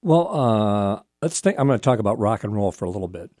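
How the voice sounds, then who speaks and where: A man's voice: fairly low pitch, expressive, a little fast, dark tone, no echo, studio quality. A man interviewing a guest, asking questions with fillers and short reactions. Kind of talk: casual interview.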